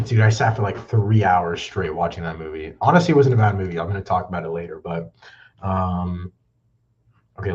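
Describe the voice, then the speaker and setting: A man's voice: on the low side, background noise. A young man hosting a movie news livestream, rambling and apologetic, a bit out of breath. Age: young adult. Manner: rambling, apologetic, self-deprecating. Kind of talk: casual livestream chat. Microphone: backup mic instead of usual one. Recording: dull lo-fi backup mic.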